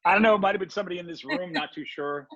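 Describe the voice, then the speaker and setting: A man being interviewed on a podcast, telling a personal story in an animated way and acting out his own past words. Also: high-pitched, racing, lo-fi sound. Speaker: guest.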